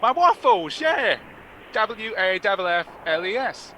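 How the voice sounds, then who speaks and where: A man's voice: high voice, sing-song, takes it slowly, pushed and bright, slight background noise, pitched above the performer's own voice, full character voice, poor audio. A man voicing a waffle-obsessed man with a London accent on a prank call, insistent and spelling words out.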